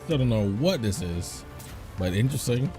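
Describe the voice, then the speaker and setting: A man hosting a casual reaction video, thinking out loud and guessing and second-guessing as he comments into a desk microphone. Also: mid-range voice, sing-song, moderate pace. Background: faint trailer music.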